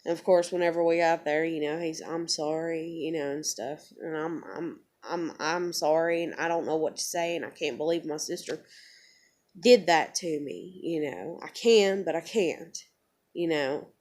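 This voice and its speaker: A woman's voice: deep voice, normal speed, darkish tone. Blunt woman telling her story. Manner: blunt, profane, emotional retelling. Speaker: vlogger. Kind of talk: candid personal storytelling.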